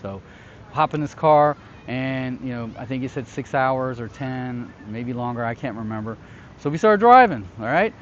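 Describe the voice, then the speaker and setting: Guy casually telling a story to the camera, mid pitch, kinda dull lo-fi sound. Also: animated, moderate pace, a little hiss or hum. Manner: conversational, checks in often with the listener. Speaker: host recounting his past as a security contractor.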